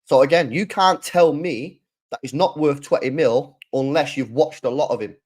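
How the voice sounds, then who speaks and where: A man's voice: fairly high pitch, moderate pace, darkish tone. A man hosting a football channel, delivering a heated, sweary solo rant full of rhetorical questions.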